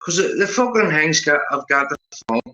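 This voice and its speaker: A man's voice: fairly high pitch, animated, a little fast, a crowd in the background. A man calling into a livestream, agitated and rambling, stumbling over his words. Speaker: livestream panel guest. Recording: dull lo-fi stream mic.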